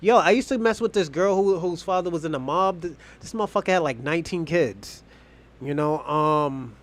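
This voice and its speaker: A man's voice: a little high, normal speed. A young man from the Boston area chatting casually on a livestream, rambling and profane, laughing often. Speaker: streamer host.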